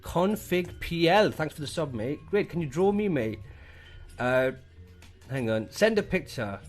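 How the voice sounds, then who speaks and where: Lively British man reading stream chat. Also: on the high side, measured pace. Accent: British English. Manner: casual and profane, thanks subscribers with a lively up-and-down voice. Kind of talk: casual live-stream chat. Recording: faint music behind the voice.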